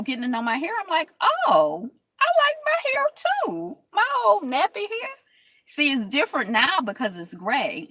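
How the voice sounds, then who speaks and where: A woman hosting a casual talk stream, telling stories in lively quoted voices and reading viewer comments aloud. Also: medium pitch, dry recording. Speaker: host.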